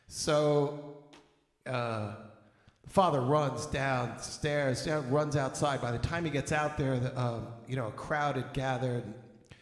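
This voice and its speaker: A man hosting an online music show, telling a long joke in a rambling way, with many fillers, and laughing at his own punchlines. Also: medium pitch. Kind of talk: casual joke-telling and chat. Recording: roomy echo with long reverb, faint music.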